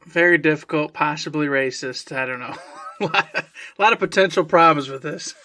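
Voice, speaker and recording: Bright-voiced, wry male co-host. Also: on the high side, moderate pace. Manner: wry, teasing banter. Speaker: podcast co-host. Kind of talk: casual podcast chat.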